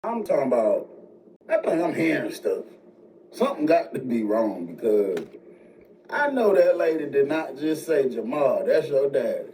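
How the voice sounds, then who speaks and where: A man telling a story in a casual way, jumping high in pitch when he quotes other people. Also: moderate pace. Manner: animated retelling, jumps high when quoting others. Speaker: storyteller in played video. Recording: distant mic with faint noise.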